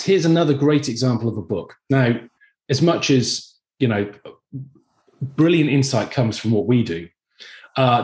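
A man, a filmmaker talking casually as a podcast guest, telling stories with lively energy. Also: mid-range voice. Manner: animated storyteller, acts out quoted voices. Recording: roomy echoey room.

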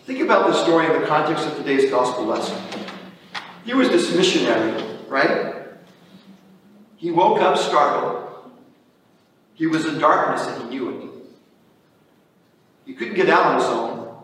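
A man's voice: a little high, animated, a little slow, long pauses, fairly bright tone, recorded from a distance, slight background noise. A priest giving an earnest sermon, preaching in a conversational way and often repeating his phrases. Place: church. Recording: echoey church hall from afar.

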